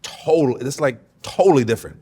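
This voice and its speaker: Animated guest who grew up in Germany. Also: male voice, mid-range voice, a little fast, breathy edge. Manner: emphatic, animated storyteller who laughs often. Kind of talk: casual interview conversation.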